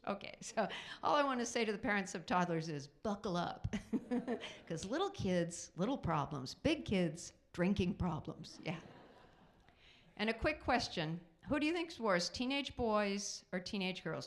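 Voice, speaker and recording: A middle-aged woman works a live theater crowd through a handheld stage mic. Her stand-up is chatty and self-mocking, with quick asides to the audience. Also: mid-range voice. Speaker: stand-up comedian. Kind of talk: stand-up comedy set.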